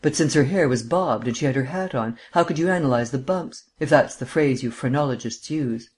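A man's voice: mid-range voice, fairly quick, a little mellow, close to an everyday voice. A man reading aloud as a brusque, skeptical male district attorney with an impatient, curt manner. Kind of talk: audiobook character reading.

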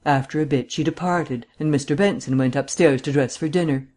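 A man doing an urbane, cynical gentleman detective. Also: on the high side, brisk, lightly acted. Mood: cool, probing. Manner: drawling, urbane, mildly mocking. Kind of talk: audiobook reading.

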